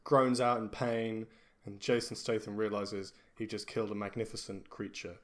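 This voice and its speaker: A man runs a tabletop game, narrating slowly with bursts of laughter. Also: lowish voice, flat delivery. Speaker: game master.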